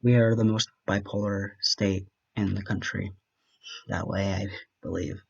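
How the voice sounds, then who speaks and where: A young podcast host from Wisconsin, with a light Wisconsin accent, rambles chattily and self-deprecatingly through a solo monologue, bantering with himself. His deep voice is steady and a little slow, with vocal fry and a breathy edge. The audio is dull.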